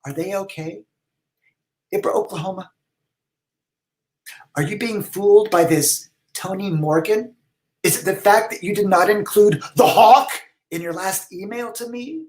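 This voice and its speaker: A man voicing an eccentric, pompous, flamboyant letter writer in a high, theatrical voice with drawn-out words, reading letters aloud for comedy. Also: expressive, darkish tone, poor audio.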